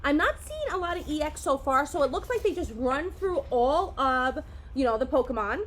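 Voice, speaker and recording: Excitable woman gushing over an unboxing. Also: high voice, normal speed, a little hiss or hum. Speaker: host. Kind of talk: casual unboxing chat.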